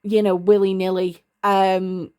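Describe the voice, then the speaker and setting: A woman's voice: mid-range voice, flat delivery, measured pace, a little mellow, clean tone. A middle-aged woman talking to camera at her desk in a casual, rambling way, often stopping to search for words. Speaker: tarot vlogger. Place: indoors at a desk.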